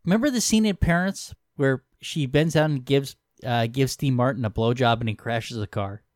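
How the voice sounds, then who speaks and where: A man's voice: medium pitch, normal speed, dry recording, clean studio sound. A man co-hosting a casual podcast, teasing his co-hosts and laughing often. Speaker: podcast co-host. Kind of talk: casual chat.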